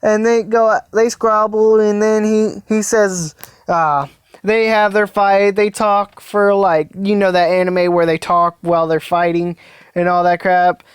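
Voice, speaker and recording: A woman casually telling a made-up story, rambling and halting with many fillers and restarts. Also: medium pitch, little pitch movement, clear, resonant tone, dry recording, clean studio sound. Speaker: fan story narrator.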